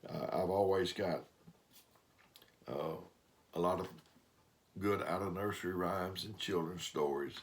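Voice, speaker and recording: A grandfather-aged man with a deep, low-pitched voice and a drawl. He tells down-home stories in plain, homespun grammar and drifts from one thought to the next, in the way of a devotional talk. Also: measured pace, long pauses. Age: older. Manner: rambling storyteller, homespun grammar. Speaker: preacher.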